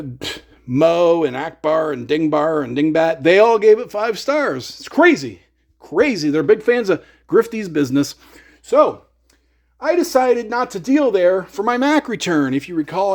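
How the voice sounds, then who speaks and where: Sarcastic man with a lively voice. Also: a little high. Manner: sarcastic, animated storytelling. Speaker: gear channel YouTuber. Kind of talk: casual storytelling rant.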